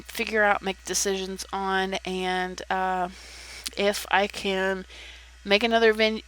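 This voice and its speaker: A woman's voice: mid-range voice, a bit bright, poor audio. A young woman talking casually to her viewers, frank and chatty, with lots of ums and the odd swear word. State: hiccuping. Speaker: video creator. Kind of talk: casual chat.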